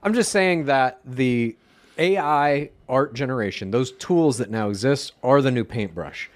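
A man's voice: mid-range voice, measured pace, no room sound. Matter-of-fact, argumentative male podcast co-host. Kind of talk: casual chat.

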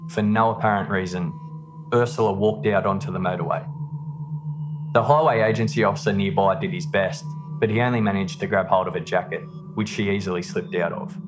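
A man hosting a podcast, telling a true-crime story in a steady, measured scripted narration. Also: fairly low pitch. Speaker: podcast host. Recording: narration over background music. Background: music.

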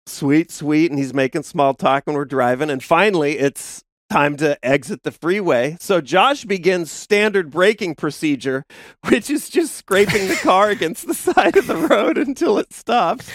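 A man's voice: normal speed, dry recording, clean studio sound. A man co-hosting a podcast, casually telling a wild story, laughing as he goes and acting out the people in it. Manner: animated storyteller, acts out quoted people with sudden high yelps; profane, laughs through his own stories. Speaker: podcast co-host.

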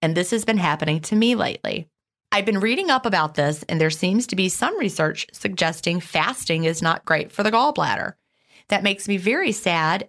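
A woman co-hosting a podcast, chatting in an animated way with many "you know" fillers and reading out listener questions. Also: on the low side, vocal fry. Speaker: podcast co-host.

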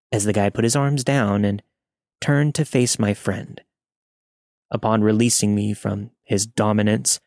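A man hosting a true horror podcast, reading a first-person story in a steady, measured way. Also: lowish voice, dry recording, studio quality. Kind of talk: scripted storytelling narration.

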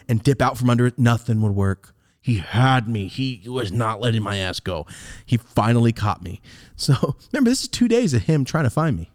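Briskly and with lots of swearing, a young podcast host relates a story, animatedly voicing the people he quotes through big pitch jumps. It's a dry recording with clean studio sound.

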